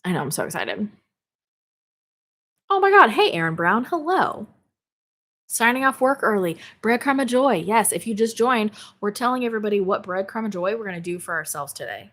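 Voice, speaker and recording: A woman reads viewer comments and chats casually on her spirituality livestream from a home office, laughing frequently, swearing casually and sounding bubbly and exclamatory. Her medium-pitched voice is animated and fairly bright, quick-paced with few pauses.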